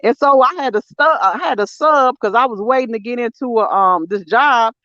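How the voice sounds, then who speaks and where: A woman's voice: a little high, normal speed, a bit bright, dry recording. Blunt woman, dry dull sound. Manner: blunt, emphatic, storytelling with slang. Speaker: podcast co-host. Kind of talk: casual chat.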